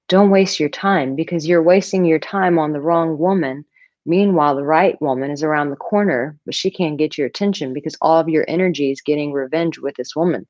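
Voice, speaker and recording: A woman's voice: sits low, darkish tone, no room sound, muffled recording. A woman dating coach on a live stream, reading viewer comments and answering them in a direct, breezy way, calling viewers darling.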